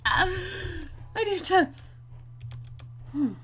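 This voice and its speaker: A woman's voice: high-pitched, big pitch swings, unhurried. A woman giving let's play commentary on her survival game, melodramatic, breaking into squeals and mock wailing. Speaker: gaming YouTuber.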